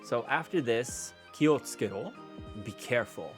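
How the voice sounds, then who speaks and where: A young man on a casual live stream, translating aloud in a halting way, full of restarts. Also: medium pitch, expressive. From Sweden. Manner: reads lines aloud in a rough gruff tone. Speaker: VTuber streamer. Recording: faint background music.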